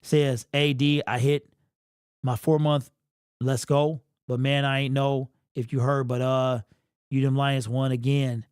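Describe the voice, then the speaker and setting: A man's voice: mid-range voice, level tone, a little slow, darkish tone, smooth, dry recording, studio quality. Emotional, rambling man on a livestream. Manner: rambling, repeats and restarts, slangy. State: emotional, sniffly. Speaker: livestream host. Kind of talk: casual livestream chat.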